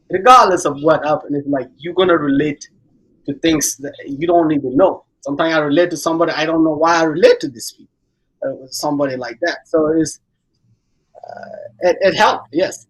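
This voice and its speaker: A man's voice: on the high side, moderate pace, husky, poor audio. A man who is a guest on a panel, giving a rambling, conversational answer and often repeating his words.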